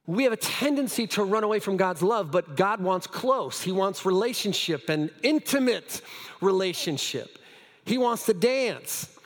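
A high-pitched male pastor preaching in a church hall with a long echo. He tells his story with stumbling restarts, then sinks to hushed lines. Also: expressive, a little slow. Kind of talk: sermon.

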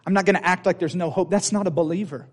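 A man with a high-pitched voice talks fast as he preaches a sermon in church. He is fervent and emphatic, repeating his lines to give his exhortation force.

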